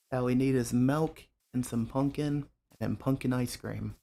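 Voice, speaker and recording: A man streaming a game, chatting casually and relaxed with his viewers, greeting them by name. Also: mid-range voice, vocal fry. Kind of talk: casual live-stream chat while gaming. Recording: faint music behind the voice.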